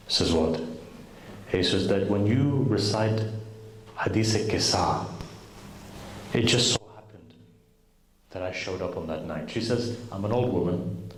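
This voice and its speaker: This low-voiced preacher at a majlis tells a sermon story earnestly, addressing the audience directly. The hall sounds echoey and roomy, with a little faint noise.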